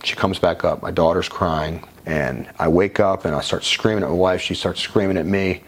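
A man's voice: deep voice, steady tone, normal speed, hardly any pauses. A man guest in an interview, telling his own life story in a frank, conversational way with casual swearing. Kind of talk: candid personal storytelling.

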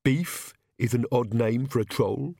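A male reader voices a haughty castle servant from a comic storybook, slow and grumbling, delivering measured, sour lines. His medium-pitched voice is warm with vocal fry and a breathy edge, captured in a dry, close recording.

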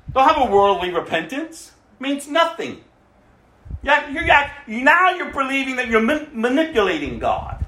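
A man preaching a sermon in a high, lively voice that swoops up and down. He drives home each point with rhetorical questions and swings from loud to hushed. The room around him is echoey. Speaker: pastor.

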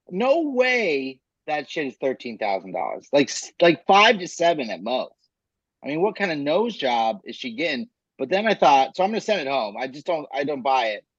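In a casual podcast chat, a male co-host with a mid-range voice talks easily and laughs often. The recording is dry and dull, with a lo-fi mic sound.

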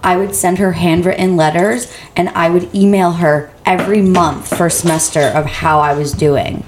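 A woman in her twenties co-hosting a casual chat, expressive, quoting herself in a higher voice. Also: moderate pace, background noise. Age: 20s. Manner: expressive, quotes herself in high voice, laughs. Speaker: co-host.

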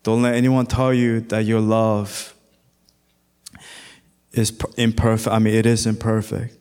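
A man preaching a sermon as pastor, slow and emphatic, climbing to loud, high exhortation and sometimes singing lines of scripture. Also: little pitch movement, smooth.

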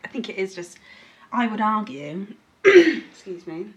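A woman chatting casually among friends, blunt and quick to laugh. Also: mid-range voice. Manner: blunt, laughs often, animated. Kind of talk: casual chat.

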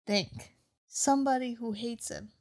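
A woman in her late twenties co-hosting a podcast, retelling an anime plot and acting out the characters in quick, animated bursts. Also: fairly high pitch. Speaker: podcast co-host.

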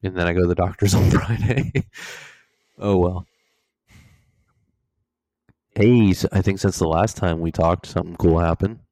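Deep-voiced man telling a rowdy story. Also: normal speed, pauses often, dry recording. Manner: animated, swearing, laughs through his stories. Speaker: podcast co-host. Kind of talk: casual storytelling chat.

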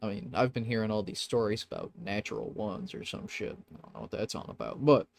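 A man's voice: lowish voice, fairly quick, creaky, darkish tone. A young man narrating a tabletop game as game master, casual and laughing, swearing often. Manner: casual, laughing, swears often, puts on silly shopkeeper voices.

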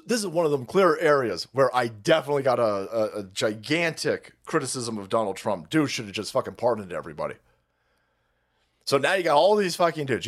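A man hosting a livestream, ranting profanely about politics in a mocking, crude way. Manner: crude, mocking, swings between high sarcastic mimicry and low grumbling. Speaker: livestream host.

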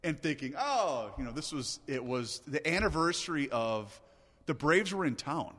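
A middle-aged man, a radio host, telling a long story in an animated, casual way and laughing often. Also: on the high side, normal speed, big-room sound.

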